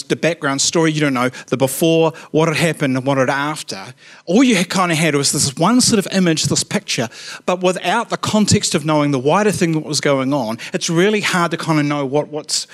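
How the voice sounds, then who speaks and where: A man's voice: a little high, fairly bright tone. A man in his forties preaching a sermon with chatty personal stories and self-mocking jokes.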